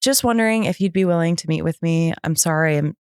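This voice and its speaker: A woman in her thirties with a low voice tells a candid personal story. She talks with animation and leaps up in pitch when she acts out what others said. The sound is dry and close. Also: quick pace, darkish tone, clean tone, no echo. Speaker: podcast guest.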